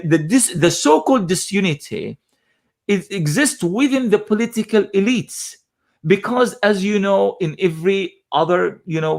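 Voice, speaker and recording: Impassioned male news commentator. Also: sits high. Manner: impassioned, repetitive emphasis with many fillers.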